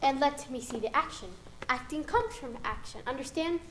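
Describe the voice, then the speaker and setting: A woman's voice: high voice, moderate pace, slight background noise, natural voice. A woman playing a fussy, theatrical female drama teacher who coaxes her students and calls them dear, in a student film. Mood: theatrical coaching. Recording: roomy echo.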